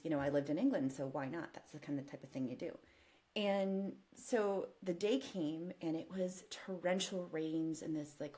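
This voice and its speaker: A woman with a slightly low voice tells a story to a podcast host. She talks in an animated, casual way with quick asides. Her pitch rises sharply when she gets excited. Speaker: podcast guest.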